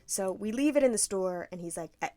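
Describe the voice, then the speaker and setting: A woman's voice: mid-range voice, expressive, a little fast, mellow, dry recording. A woman from Tampa, Florida, co-hosting a podcast, telling a story in a casual chat, acting out other people's voices and laughing often. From Tampa, Florida, USA. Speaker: podcast co-host.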